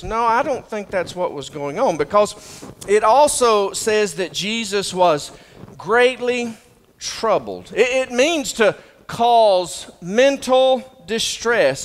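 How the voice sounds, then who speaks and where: A man's voice: sits high, big-room sound. A man preaching a sermon, reading scripture aloud and joking with the congregation in a folksy way. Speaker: pastor. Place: church sanctuary.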